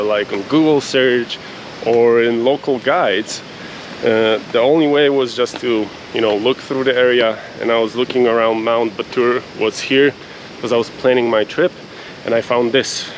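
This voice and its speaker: A man's voice: medium pitch, a little hiss or hum, low-quality recording. A man talking casually as a travel vlogger on a trail near a waterfall, chatty and upbeat, laughing often, on a handheld camera. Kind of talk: casual vlog narration.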